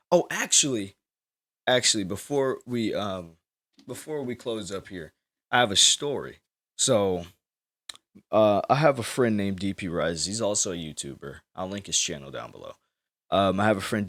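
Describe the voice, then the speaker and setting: A man's voice: fairly low pitch, a bit bright. A young man hosting a podcast, telling a story in loose, rambling, profane casual chat. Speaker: podcast host.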